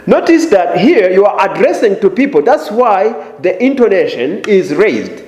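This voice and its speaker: A man teaching an English lesson slowly and deliberately, with an exaggerated rise and fall on example phrases. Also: high voice, big pitch swings, a little mellow. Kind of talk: slow, deliberate language lesson. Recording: roomy echo.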